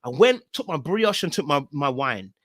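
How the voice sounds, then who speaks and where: A young man, hosting a podcast and telling a personal story in an animated way, repeating phrases for emphasis. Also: a little high, normal speed, dry recording, studio quality. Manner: animated, repeats phrases for emphasis, acts out his own past words. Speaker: podcast host. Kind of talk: storytelling talk.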